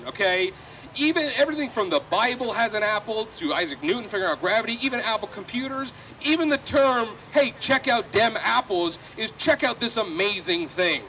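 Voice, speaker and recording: A man's voice: high-pitched, pushed and bright, slight background noise, rough recording. A man performing a self-deprecating, rambling stand-up set at an outdoor street festival. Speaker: stand-up comedian.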